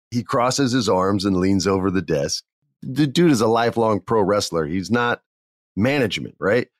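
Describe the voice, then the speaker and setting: A man casually telling a backstage story, animated and acting out the people he quotes. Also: fairly low pitch, no echo, studio quality. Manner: animated, acts out quoted voices. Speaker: podcast guest telling stories.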